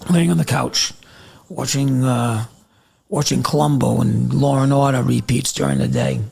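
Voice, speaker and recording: A man's voice: mid-range voice, animated, moderate pace, gravelly, a little mellow, breathy edge. A middle-aged man, chatting casually on a live stream, rambling between stories and answering viewers by name. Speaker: TikTok live host. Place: at home in the evening.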